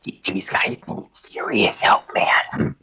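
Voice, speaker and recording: A man's voice: slow, bright, forceful tone. A man playing in a tabletop game, bantering in character in a dry, opinionated way. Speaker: player.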